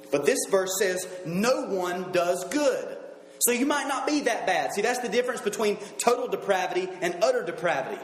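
Earnest high-voiced male preacher, echoey room. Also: slight background noise. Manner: earnest, emphatic preaching with slow scripture readings. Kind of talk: sermon.

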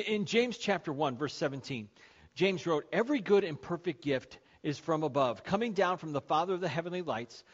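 Preaching in a notably high voice, this pastor hammers his points by repeating important phrases and slowing sharply to stress words. Everything sounds muffled and dull, like low-fidelity church recordings.

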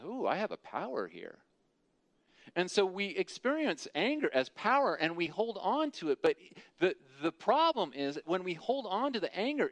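A man delivers an earnest sermon in a relaxed, talky way, often doubling back and repeating words as he finds his point. His voice sits a little high for a man. The sound is dry and close. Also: no echo. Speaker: preacher. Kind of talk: conversational sermon.

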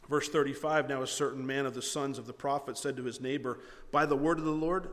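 A man's voice: a little high, fast, in a large hall. A man preaching a sermon, reading scripture and retelling it by acting out the characters' lines in his own words. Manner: animated, acts out characters' lines in paraphrase. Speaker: pastor.

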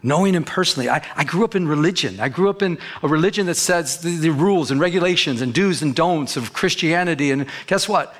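Guy pastor preaching a sermon, repeats himself for emphasis, kinda high voice. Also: fast, few pauses. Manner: emphatic preaching, repeats phrases, acts out quoted people.

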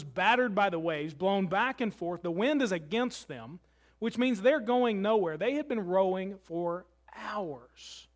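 Male pastor, fairly high voice, relaxed sermon delivery with joking asides to the congregation. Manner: conversational preaching with humorous asides.

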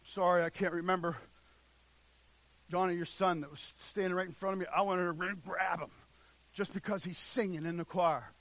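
A man preaching a sermon with fervor, drawing out the scripture he reads and swinging from shouts to hushed passages. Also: high-pitched, steady tone. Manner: drawn-out emphatic scripture reading.

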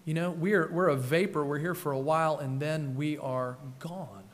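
A man's voice: a little high, fairly even intonation, normal speed. A man preaching a sermon as pastor, telling the story in a conversational way and acting out the quoted voices.

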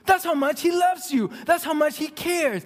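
A man preaching a sermon, telling stories with swings from loud excitement to hushed near-whispers. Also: very high-pitched, normal speed. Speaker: pastor. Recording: long reverb of a hall.

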